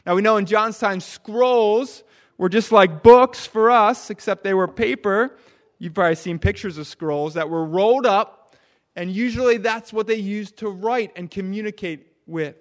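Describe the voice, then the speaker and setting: A man with a fairly high voice leads a children's sermon. He talks with lively swings in volume, from near shouts down to a hushed murmur. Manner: animated, drops to a hush for emphasis. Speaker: pastor.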